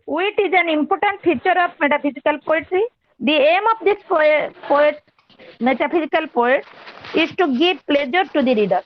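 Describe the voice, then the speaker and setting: A high-pitched woman delivers an online lecture in a measured, explanatory way, circling back over key terms. The audio is dull and lo-fi, like a video call, with a faint hiss underneath.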